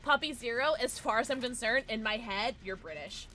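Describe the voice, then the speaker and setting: A tipsy woman livestreaming a game, chatting casually with her viewers, giggling and breaking into loud squeals and shouts. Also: a little high, brisk. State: tipsy from drinking. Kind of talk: casual livestream chat while gaming.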